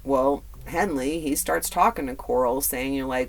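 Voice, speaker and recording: A man's voice: mid-range voice, moderate pace, creaky, slight background noise. Man telling a true crime tale casually. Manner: conversational, swears and adds blunt asides; filler-heavy, repeats words. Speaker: true crime podcast host.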